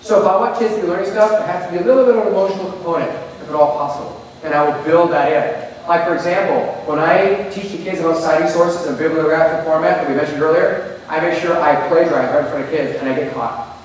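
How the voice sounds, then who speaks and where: Animated high-voiced man presenting. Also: fast, a little hiss or hum. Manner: animated, jokey, acts out scenes. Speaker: teacher presenter. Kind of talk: workshop presentation to teachers. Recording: echoey hall from far off.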